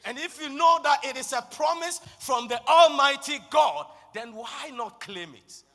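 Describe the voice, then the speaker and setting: Man, preacher, impassioned sermon, shouted declarations, very high voice, long hall echo. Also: measured pace.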